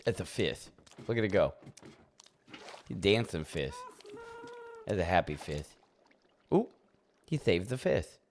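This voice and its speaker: A man with a deep, low voice talks casually to his livestream audience while he plays. He rambles playfully and chuckles often as he addresses chat. A faint background hiss sits under his voice. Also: big pitch swings, takes it slowly, pauses often. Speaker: streamer.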